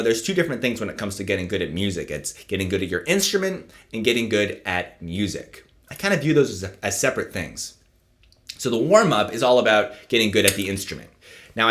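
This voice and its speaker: Man explaining saxophone practice, low voice. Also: a little fast. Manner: relaxed, explanatory, often ends points with "right?". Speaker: saxophone teacher. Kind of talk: casual instructional video talk.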